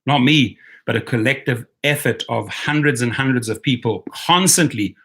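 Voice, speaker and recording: A man's voice: medium pitch, normal speed, a bit bright, breathy edge. A man with a non-native English accent hosting a live stream, talking passionately and rallying his viewers. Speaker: rideshare YouTube host.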